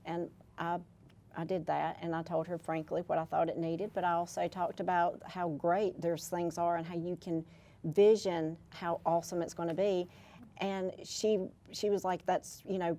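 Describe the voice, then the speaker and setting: A woman's voice: fairly low pitch, dark tone. A woman from the Carolinas with a light Southern accent, telling her story enthusiastically as an interview guest. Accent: Southern American.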